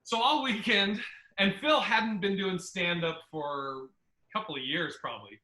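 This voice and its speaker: High, bright-voiced comedian host, roomy sound. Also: male voice, moderate pace. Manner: profane, animated, acts out other people's lines. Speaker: podcast host and stand-up comedian. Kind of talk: casual storytelling chat. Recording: roomy echo.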